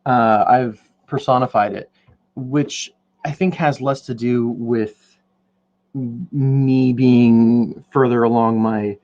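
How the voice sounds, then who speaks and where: A man hosting his own podcast talks loosely while he paints, wandering from thought to thought and poking fun at himself. His voice sits at an ordinary middle pitch. The recording is slightly muffled and lo-fi. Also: fairly even intonation, slow, a little mellow. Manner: rambling, jokey, self-deprecating. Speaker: podcast host. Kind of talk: casual rambling chat while painting on a stream.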